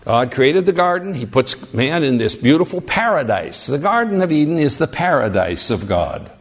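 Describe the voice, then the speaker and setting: A man preaching a sermon, animated and emphatic, teaching through rhetorical questions. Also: on the high side, normal speed.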